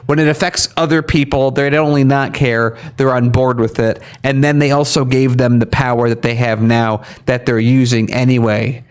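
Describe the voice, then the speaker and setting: Animated man arguing his views. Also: medium pitch, normal speed, few pauses, clear, resonant tone. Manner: animated, mocking put-on quotes, argumentative. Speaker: co-host of a news commentary show. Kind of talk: casual opinion commentary.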